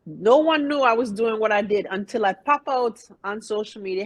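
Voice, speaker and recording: A woman in her fifties, a guest in a casual interview, telling her story in an emphatic, animated way. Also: a little high, normal speed, low-quality recording. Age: 50s. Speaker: interview guest, private pilot.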